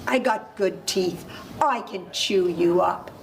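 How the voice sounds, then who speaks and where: A woman's voice: lowish voice, slow, gravelly, a little hiss or hum, pitched below the performer's own voice. A woman storyteller voicing a grumpy, smelly old male troll who growls his lines. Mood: stubborn. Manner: growling, bad-tempered.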